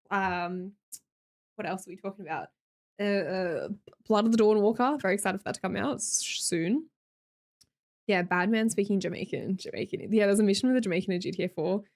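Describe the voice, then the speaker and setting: A young Australian woman chatting casually as a streamer, reading viewer comments aloud and joking around with a teasing, chatty manner. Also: mid-range voice. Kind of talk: casual chat with live viewers.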